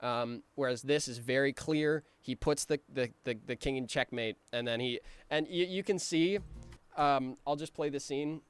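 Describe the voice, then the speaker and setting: A man giving casual creator commentary on his own cartoon, rambling with many ums and restarts, and now and then acting out his characters' lines in quick voices. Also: mid-range voice, clear, resonant tone, no echo, soft background music.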